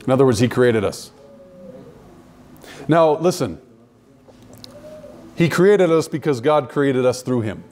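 A man preaching a sermon to a live audience, emphatic and conversational, slowing down to stress key phrases and asking the listeners questions. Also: mid-range voice, animated, a little mellow, slight background noise.

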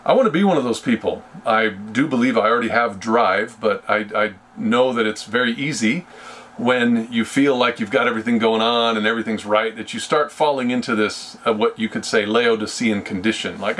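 A man leading a Bible study, speaking slowly and deliberately and often restarting his sentences. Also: mid-range voice, a bit bright. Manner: slow and deliberate, with frequent restarts. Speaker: Bible teacher.

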